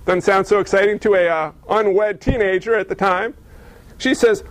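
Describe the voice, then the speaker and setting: A man's voice: sits high, steady tone, moderate pace, no echo, low-quality recording. A male pastor preaching a sermon in a conversational storytelling way, full of rhetorical questions.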